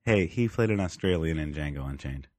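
A man's voice: a bass voice, fairly quick, dry recording. A man co-hosting a podcast remotely, chatting animatedly about films with lots of fillers and easy laughter. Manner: laughs easily, animated, uses many fillers. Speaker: podcast co-host. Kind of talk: casual film chat. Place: home, remote from co-host.

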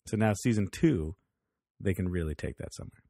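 A man's voice: low-pitched, lively intonation, brisk, creaky, dark tone, breathy edge, no room sound, clean studio sound. A man co-hosting a podcast, chatting casually about a TV show, laughing often and acting out the characters' lines. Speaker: podcast co-host. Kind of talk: casual TV review chat.

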